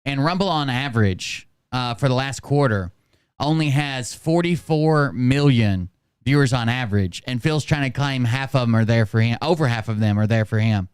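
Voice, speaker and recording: A man's voice: medium pitch, normal speed, clean tone, no echo, studio quality. A man hosting a commentary channel, talking in a sarcastic, scornful way. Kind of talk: critical commentary.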